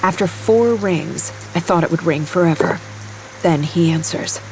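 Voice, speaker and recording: A young woman narrating her own story in first person in an audio drama, quiet and haunted, in an inner monologue. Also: lowish voice, unhurried, soft background music. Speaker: narrator and lead character.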